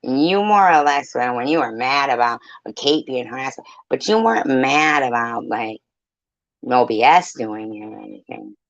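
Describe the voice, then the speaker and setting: A woman's voice: a bass voice, expressive, a little slow, no echo. A woman streamer talking to her viewers in a blunt, heated, profane rant. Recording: dull, lo-fi, dry mic.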